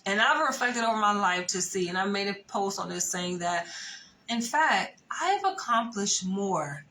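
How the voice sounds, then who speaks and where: A young woman recounts a dating misadventure in an animated, profane, conversational storytime. Her voice sits mid-range with a sharp, bright edge. A faint hum of room ambience sits under the voice. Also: mid-range voice, a little slow, rough recording. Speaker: vlogger telling a dating story. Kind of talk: casual storytime monologue.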